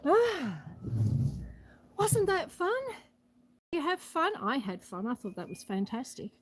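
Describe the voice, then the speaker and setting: Woman, high voice, slightly winded, phone live-stream host, chatty. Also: sing-song, slow, low-quality recording. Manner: chatty, reads out viewer comments. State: a bit out of breath. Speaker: homestead livestream host. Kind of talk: casual live-stream chat. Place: outdoors on a rural property. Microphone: phone held for live stream.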